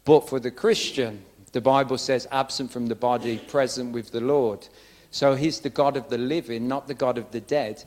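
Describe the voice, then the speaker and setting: A young man preaching a sermon in a church, earnest and direct, with humorous asides. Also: medium pitch.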